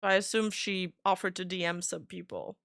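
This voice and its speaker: Bright-voiced woman giving casual commentary. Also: lowish voice, level tone, moderate pace, gravelly, dry recording, clean studio sound. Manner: opinionated, chatty, with frequent fillers. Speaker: VTuber commentator. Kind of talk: casual drama commentary, reading messages aloud.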